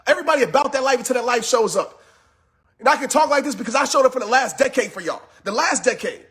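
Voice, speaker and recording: High-pitched, fast, yelling motivational man. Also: expressive. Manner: yelling, intense and repetitive, preachy. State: just finished working out. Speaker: motivational speaker. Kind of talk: fired-up motivational talk on a live stream.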